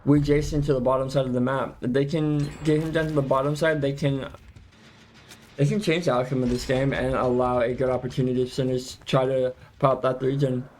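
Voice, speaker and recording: A man casting a live video game match as play-by-play commentary, chatty and quick to exclaim, often correcting himself mid-sentence. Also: mid-range voice, little pitch movement, a little mellow, a little hiss or hum. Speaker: esports caster.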